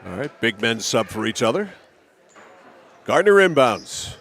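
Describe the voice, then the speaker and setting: A play-by-play announcer calls a basketball game, chatty and teasing with his co-commentator, with gym noise behind him. His mid-range voice swings widely in pitch, moves a little slowly, and sounds a bit bright.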